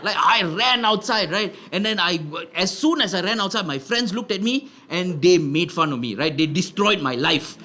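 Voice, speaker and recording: A man works a live crowd with animated, punchy storytelling. His voice sits high and bright. A faint hum of the venue is heard behind him. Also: moderate pace, few pauses. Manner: animated, punchy, tags lines with "right?". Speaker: stand-up comedian. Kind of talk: stand-up comedy storytelling. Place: live comedy venue with audience laughter.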